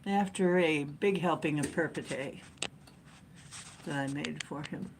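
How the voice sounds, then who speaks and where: A woman hosting a casual livestream chat from home, rambling and chatty with frequent laughs and playful jumps in pitch. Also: unhurried, background noise. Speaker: livestream host. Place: at home, sitting in a chair with a cat.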